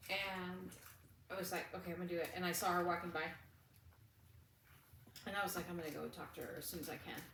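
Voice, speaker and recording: A woman's voice: fairly low pitch, fairly even intonation, quick pace, long pauses, a bit bright, far from the mic, slight background noise. Chatty woman in an echoey room. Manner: chatty storytelling with frequent laughs. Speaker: podcast co-host. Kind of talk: casual chat.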